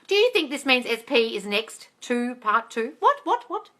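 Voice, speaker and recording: Lively, profane woman coach. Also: on the high side, normal speed. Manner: blunt, profane, playful, calls everyone darling. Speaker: manifestation coach answering live questions. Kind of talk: casual live Q&A, reading comments aloud. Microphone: phone.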